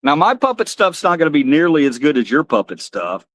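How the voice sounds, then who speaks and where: A man's voice: on the high side, big pitch swings, brisk, a bit bright. A man hosting a live stream in loose, joking chat, laughing at himself.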